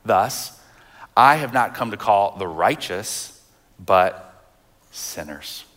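A man in his thirties delivers a sermon as a pastor, his voice sitting a little low. He talks easily and conversationally, breaking off into fillers and restarts, then reads scripture more slowly. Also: lively intonation, fairly bright tone.

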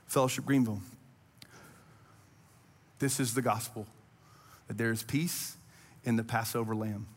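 A man's voice: medium pitch, long reverb tail. A man preaching a sermon as pastor, earnest and conversational, building to impassioned rising appeals. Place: church auditorium.

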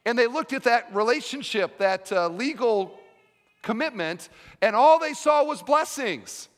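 Male pastor, sermon, emphatic with quiet drops, rhetorical questions, high voice, reverberant hall. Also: animated, a little slow.

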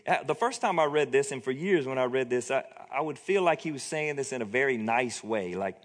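A man's voice: medium pitch, expressive, a little fast, few pauses. A man preaching a sermon in a conversational, joking storytelling manner. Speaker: pastor. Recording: long hall reverb.

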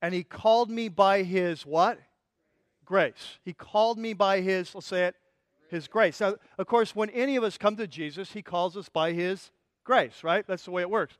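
A man pastor delivers a sermon as vivid, passionate storytelling, tumbling into restarts as he builds a scene. His voice sits high for a man, and the sound is dry and close with no room echo. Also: normal speed.

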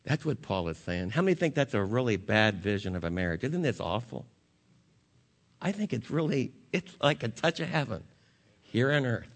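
A male pastor preaching a sermon and leading a closing prayer, earnest, rising to emphatic peaks and then dropping soft. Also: medium pitch, big pitch swings, moderate pace.

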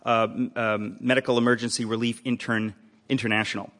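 A man at the front of a room hosts a live event and introduces the evening's speaker. He jokes in a dry, deadpan way, tossing in asides before getting to the formal introduction. His voice sits at an ordinary middle pitch. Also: a little fast. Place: hall with a live audience.

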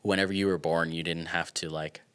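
A young man talking casually as a podcast guest, reflective and halting, full of fillers. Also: deep voice, flat delivery, fairly bright tone, smooth. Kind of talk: casual conversation.

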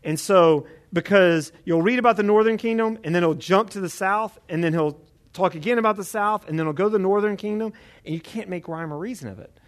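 A man preaching a Bible teaching sermon in a conversational, animated way, often checking in with the listeners. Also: high-pitched, fairly quick.

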